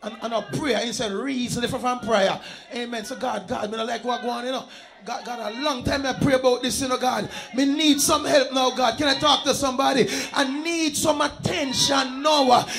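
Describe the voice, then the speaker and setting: A man preaching a fervent live sermon in a church service, shouting and chanting calls to the congregation. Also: very high-pitched, fairly even intonation, fairly quick, vocal fry, crowd noise.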